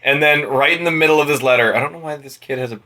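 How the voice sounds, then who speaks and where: A man's voice: fairly high pitch, rapid-fire. A man co-hosting a podcast and recapping a book in a comedic, sweary, easily agitated way. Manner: animated, sweary, easily worked up. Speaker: podcast co-host.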